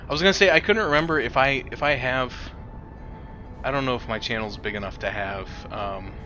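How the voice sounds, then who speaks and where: A male streamer giving chatty, excitable gameplay commentary at home and talking back to his cat now and then. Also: mid-range voice, brisk, dull audio, faint music behind.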